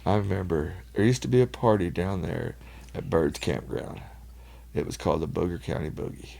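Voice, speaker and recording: A man, a podcast guest telling rambling party stories in casual chat, laughing often and getting loud when he acts out other people. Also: deep voice, lively intonation, normal speed, vocal fry.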